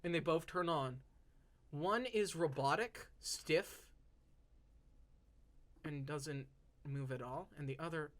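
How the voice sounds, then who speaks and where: A game master slowly narrating a tabletop game, telling the scene dramatically with frequent restarts. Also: medium pitch. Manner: slow, dramatic storytelling with restarts.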